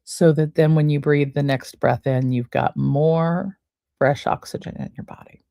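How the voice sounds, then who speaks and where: A woman with a low voice walks listeners through a breathing exercise, counting each breath aloud. She speaks unhurriedly and soothingly, like a wellness coach. The recording is dry and close, with no room sound. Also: steady tone, unhurried, gravelly, warm tone, dry recording. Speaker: podcast host. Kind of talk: guided breathing and wellness talk.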